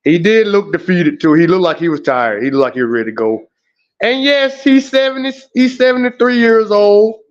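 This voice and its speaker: A man hosting an emotional live stream, animated, groaning and exclaiming as he talks. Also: high voice, moderate pace, highs cut off. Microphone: home streaming setup.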